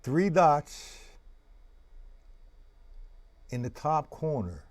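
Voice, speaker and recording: A man teaching a drum lesson on a live stream, loudly calling out strokes and counts and talking casually to a student in between. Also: on the high side, sing-song, slow pace.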